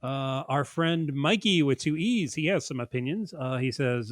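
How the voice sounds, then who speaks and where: A man co-hosting a podcast in casual chat, laughing easily and filling pauses with ums as he reads listener comments. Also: on the high side, expressive, no room sound. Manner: chatty, laughing easily, halting fillers. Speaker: podcast co-host.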